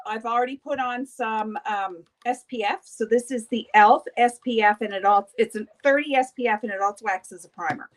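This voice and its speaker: A woman hosting a beauty livestream, chatting casually with viewers while doing her makeup, gossipy and often laughing. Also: a little high.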